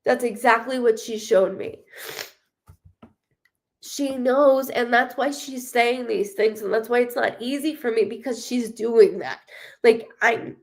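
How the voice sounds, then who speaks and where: On a live stream, a psychic medium gives a reading in a fairly high, steady voice. Her speech halts and rambles, full of restarts, and she's emotional and blunt, cursing freely.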